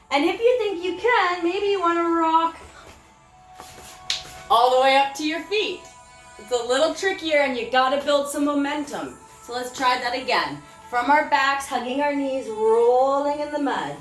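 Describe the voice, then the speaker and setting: A woman leading a children's yoga class, giving gentle, encouraging instructions with frequent praise. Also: high-pitched, echoey room. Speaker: kids yoga teacher. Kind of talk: guided children's yoga lesson.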